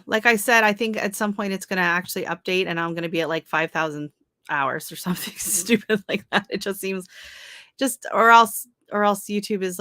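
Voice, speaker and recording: A woman's voice: medium pitch, gravelly, sharp tone, dry recording, studio quality. A woman hosting a casual livestream from home, chatting and laughing as she greets viewers and answers their comments. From Canada. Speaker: livestream host.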